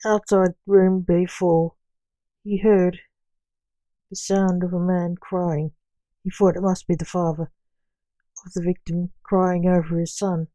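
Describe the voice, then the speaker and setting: Woman narrator, amateur story reading, slow pace, dark mellow tone. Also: fairly low pitch, flat delivery, no room sound.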